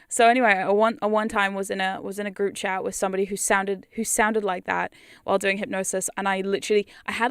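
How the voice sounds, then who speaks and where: A woman's voice: medium pitch, clear, resonant tone, no room sound. British woman, casual stream chat, rambling and self-mocking, dry close condenser mic. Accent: British, drifting toward New Zealand. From United Kingdom. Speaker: hypnosis content creator. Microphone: studio condenser mic.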